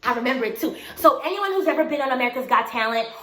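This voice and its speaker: A woman in her twenties casually tells a personal story to the camera, laughing often and animatedly acting out what people said. Her voice is high and she talks at a racing pace. The room is echoey with faint noise.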